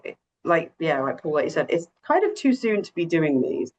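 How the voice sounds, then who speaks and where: A woman's voice: on the low side, sing-song, normal speed, a little hiss or hum. A woman co-hosting a podcast, talking in an eager, chatty way in casual conversation. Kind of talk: casual chat. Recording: dull lo-fi audio.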